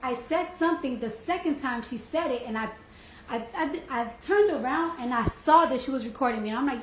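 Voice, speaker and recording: A woman's voice: sits high, brisk. Blunt woman testifying in an echoey courtroom. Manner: blunt, colloquial, retells events with quoted dialogue. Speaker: trial witness. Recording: echoey courtroom audio with faint noise.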